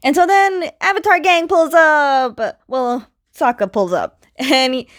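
Woman, high-pitched, casual story recap, chatty asides, dry close sound. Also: dry recording. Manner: chatty, retells scenes with lots of "like" and quick asides. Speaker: host recapping a comic book.

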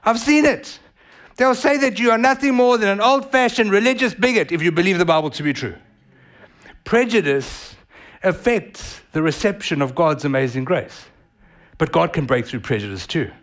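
A man with a South African accent preaching a sermon as pastor, animated and vivid in delivery. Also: high-pitched, normal speed. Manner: animated, acts out voices of others.

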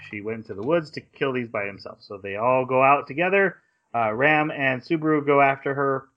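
A man co-hosting a podcast, casually recapping an episode in a rambling way with quick quoted asides. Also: mid-range voice, highs cut off. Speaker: podcast co-host.

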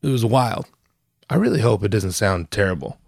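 A man's voice: on the low side, very animated, moderate pace, vocal fry, darkish tone, slightly rough, no echo. Young guy with a cold doing his solo podcast, kinda nasal, swears a lot, rambles, dead dry mic. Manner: profane, self-mocking, meandering. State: sick, a bit nasal. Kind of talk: rambling casual monologue. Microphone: headphones and microphone.

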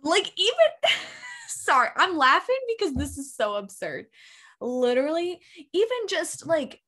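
A woman co-hosting a true-crime podcast, reacting in casual chat, exasperated and quick to laugh. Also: sits high, huge pitch swings, sharp tone. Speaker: podcast co-host.

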